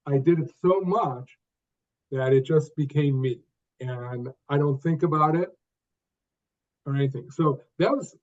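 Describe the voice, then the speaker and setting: An older man from the United States, telling his own story as an interview guest in short phrases, with pauses and repeated starts. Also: fairly high pitch, darkish tone. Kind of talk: conversational storytelling. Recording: dull lo-fi sound.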